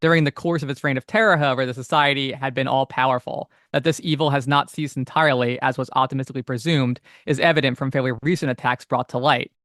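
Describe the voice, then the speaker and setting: Male podcast co-host, mid pitch, close and dry mic, reads text aloud then chats loosely. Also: steady tone, quick pace, hardly any pauses, a bit bright, no echo. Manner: reads old text steadily, chats with many fillers. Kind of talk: casual chat, reading passages aloud.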